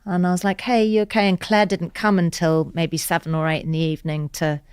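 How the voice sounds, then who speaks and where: A woman, a podcast guest telling an emotional personal story in an earnest, tender way that sometimes drops to a soft whisper. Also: sits low, steady tone, fairly quick, smooth, no room sound, studio quality.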